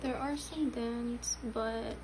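A young woman with a high voice chats slowly and casually, stumbling over restarts and bursting into gasps and squeals. A faint hum of home ambience sits behind her. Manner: excitable, gasping and squealing at pulls, halting restarts. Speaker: vlogger. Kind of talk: casual unboxing chat. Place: home room.

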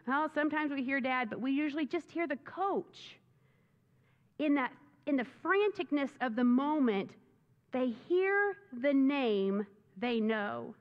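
A woman pastor preaching a sermon in an animated, enthusiastic way. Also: high-pitched, a little slow. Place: church sanctuary. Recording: dull sound with long reverb in a church.

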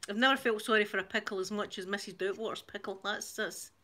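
A woman's voice: mid-range voice, steady tone, fast, sharp tone. Giggly Glaswegian woman chatting live. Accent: Glaswegian Scottish. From Glasgow, Scotland. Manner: chatty, giggly, laughs often between lines. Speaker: channel host reading viewer comments. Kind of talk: casual live-stream chat.

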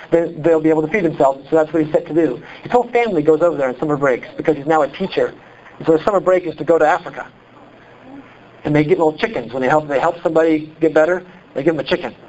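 Animated Midwestern man preaching. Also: a little high, dull audio. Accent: Midwestern American. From Iowa, US. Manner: animated, conversational preaching with rhetorical questions. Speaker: pastor. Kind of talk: sermon.

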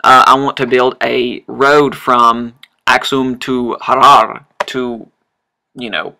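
A man giving casual, rambling commentary while playing a strategy game, full of fillers and sudden excited exclamations. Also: mid-range voice, takes it slowly, gravelly. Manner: rambling, chatty, frequent fillers and self-corrections. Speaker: let's-play host.

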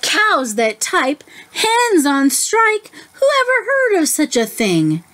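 A woman voicing an exasperated male farmer with high, indignant exclamations in a read-aloud picture book. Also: expressive, slow pace, fairly bright tone, exaggerated voice.

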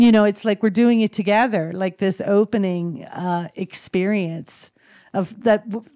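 A woman's voice: mid-range voice, no room sound. Earnest woman sharing faith, dry sound. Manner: earnest, searching, many fillers and restarts; gentle and devotional. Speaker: speaker at a spiritual gathering. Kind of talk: heartfelt spiritual sharing.

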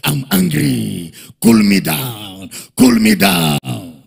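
A male preacher voicing an angry, demanding God who speaks slowly and repeats himself insistently. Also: huge pitch swings, creaky, breathy edge, heavily acted. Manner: deep, slow, insistent repetition.

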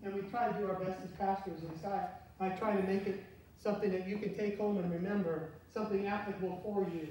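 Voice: medium pitch, level tone, fast talker, warm tone. Pastor preaching in a very echoey church. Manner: conversational preaching, asks the congregation questions. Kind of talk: sermon. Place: church sanctuary. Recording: very echoey church from far off, faint hiss.

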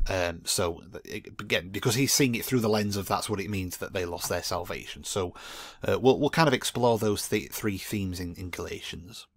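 A man's voice: lowish voice, normal speed, no room sound, clean studio sound. A man giving a Christian video commentary, arguing emphatically against a preacher's teaching with frequent restarts and repeated words. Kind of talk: monologue rebutting a preacher with scripture.

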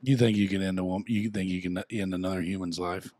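A man's voice: deep voice, steady tone, quick pace, a little mellow, dry recording, clean studio sound. A man co-hosting a podcast, chatting casually, laughing easily and quoting songs. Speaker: podcast co-host. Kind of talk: casual chat.

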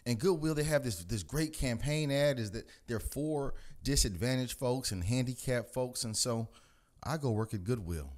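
A man from the United States, hosting his own channel, telling a story in a loud, animated, profane rant. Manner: animated and profane, mimics people in higher voices. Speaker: host of a commentary channel.

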